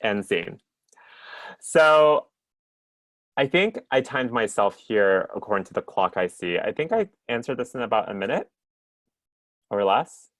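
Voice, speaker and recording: A man's voice: mid-range voice, very animated, a little slow, long pauses, a bit bright, no room sound. A man leading an interactive online workshop over a video call, upbeat and chatty, often checking in with the group. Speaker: workshop presenter.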